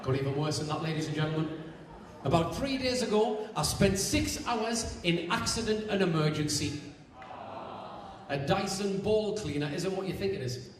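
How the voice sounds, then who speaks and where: A Geordie man doing stand-up, his voice sitting a little high as he banters with the crowd between punchlines. He is captured from a distance in a big, echoing hall. Clear audience noise fills the room around him. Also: expressive. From Newcastle, England. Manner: quick one-liners, chatty banter with the audience. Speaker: stand-up comedian. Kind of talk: stand-up comedy set. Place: live venue with audience. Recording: echoey hall, mic far, audience noise.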